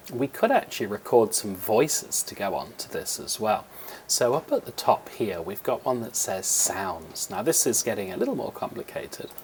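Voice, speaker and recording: On a screen recording, a man with a lowish voice patiently walks young children through a coding lesson step by step, using filler words as he talks into a computer microphone. There's a slight hiss or hum in the audio.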